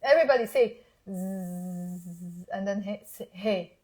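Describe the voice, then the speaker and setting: A young woman with a Lebanese accent teaching Arabic in a live online lesson, repeating words slowly and quizzing her listeners. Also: medium pitch, a little mellow.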